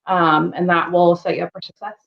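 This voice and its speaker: A woman's voice: on the low side, level tone, fairly quick, gravelly, muffled recording. A woman talking as a guest on a live stream, giving practical, plain advice. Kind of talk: casual chat.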